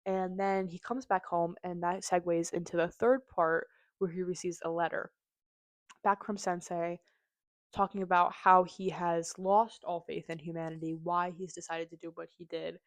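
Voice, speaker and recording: A woman hosts a casual book review, talking in a gushing, chatty way full of "like" and "um". Her voice sits on the low side for a woman. The sound is dry and close, with no room around it. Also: steady tone, normal speed, no echo. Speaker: book reviewer, channel host.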